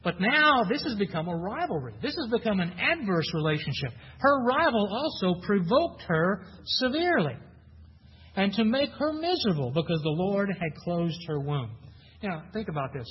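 A male pastor with a high, husky voice teaches verse by verse in a relaxed, conversational way. He keeps asking his listeners questions and circles back over his own words. The sound is dull and lo-fi, with a long reverb from a large hall. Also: normal speed. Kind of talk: sermon, verse-by-verse Bible teaching.

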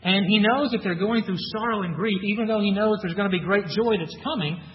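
A man's voice: high voice, brisk. A man preaching an expository sermon, reading scripture aloud and then explaining it earnestly. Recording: muffled, reverberant hall recording.

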